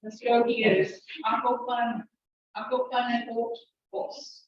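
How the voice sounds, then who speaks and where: Casting note: woman language teacher, a bit high, patient, encouraging step-by-step explanations, recorded from far back in a very echoey, muffled classroom. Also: a little hiss or hum. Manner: talks fast when excited. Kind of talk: classroom instruction. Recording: echoey room, distant mic, muffled.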